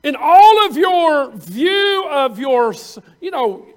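A man preaching a sermon in a folksy, conversational way, breaking into loud emphatic bursts. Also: very high-pitched, very animated, slow.

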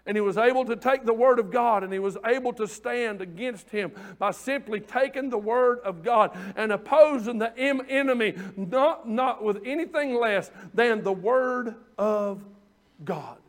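Male preacher, very high voice, fervent delivery that builds to shouts, calls out to his congregation. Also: unhurried. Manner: fervent, rising to shouts, call-and-response. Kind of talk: sermon.

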